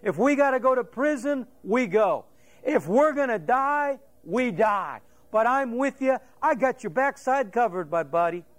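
A man's voice: extremely high pitch, expressive, measured pace. A middle-aged man preaching a sermon, telling the story vividly and acting out the quotes and a crowing rooster. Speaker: pastor.

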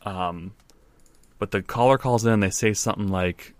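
A man's voice: lowish voice, moderate pace, clean tone, no room sound. A man co-hosting a casual podcast, telling stories and teasing his co-host in a dry manner.

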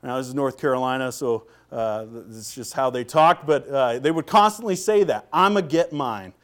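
A man preaching a sermon in a conversational way, with frequent fillers and restarts and quiet asides. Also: medium pitch, brisk. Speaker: pastor.

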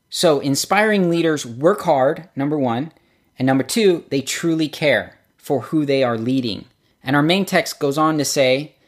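A man preaching a sermon, telling stories and acting out the quotes he gives. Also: a little high. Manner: storytelling, acts out quotes with lively shifts. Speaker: pastor.

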